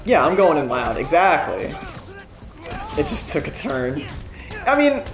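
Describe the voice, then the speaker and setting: A young man streaming a video game, chatting casually, swearing often and laughing as he reacts loudly to the action. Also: a little high, sing-song, unhurried. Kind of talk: casual gameplay commentary. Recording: echoey room with game music.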